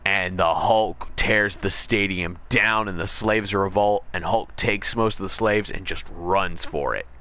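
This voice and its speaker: A man's voice: low voice, pushed and bright. A man streaming a game, casually retelling a comic story, often correcting himself and speeding up in bursts. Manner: rambling, self-correcting recap with quick bursts. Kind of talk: casual storytelling while gaming.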